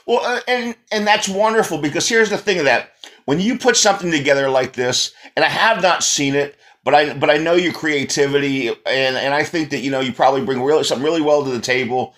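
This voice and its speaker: A man hosting an interview, talking in a casual, halting way with many restarts and fillers. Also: a little high, a bit bright. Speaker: host.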